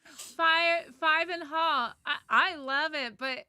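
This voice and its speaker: Bright chatty woman co-host. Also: high voice, slow pace, dry recording, studio quality. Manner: chatty, reads viewer comments aloud. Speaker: co-host of a reselling live show. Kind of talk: casual live-stream chat.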